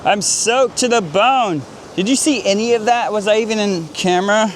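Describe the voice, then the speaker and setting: A man's voice: sits high, normal speed, slight background noise. A photographer vlogging outdoors on a rocky coast, a man talking to himself in an exclamatory, self-deprecating way. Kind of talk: casual vlog talk on location.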